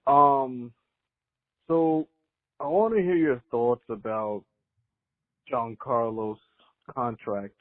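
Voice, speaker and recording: A man's voice: medium pitch, slow, long pauses, no room sound. A man calling in to a sports show, talking in a laid-back, rambling, profane way. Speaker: caller. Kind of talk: casual call-in chat. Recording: tinny phone line.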